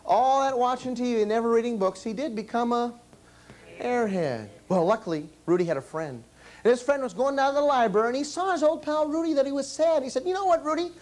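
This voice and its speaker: A man's voice: extremely high pitch, fairly quick. A man performing as a children's entertainer, telling a comic story on stage and firing questions at the kids. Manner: animated, quizzes the kids.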